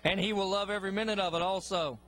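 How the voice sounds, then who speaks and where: A man's voice: high-pitched, steady tone, fast, fairly bright tone. A man giving color commentary on a wrestling match in a folksy, emphatic way.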